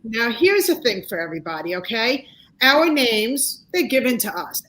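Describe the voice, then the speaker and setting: A woman in her sixties, a talk-show guest telling personal stories in an animated, motivational way. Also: a little high, normal speed, poor audio. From United States. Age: 60s. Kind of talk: casual interview chat.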